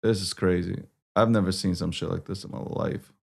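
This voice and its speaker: A man's voice: deep voice, fairly even intonation, moderate pace, gravelly. A man hosting a casual livestream news show, talking to himself and swearing when things go wrong. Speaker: host.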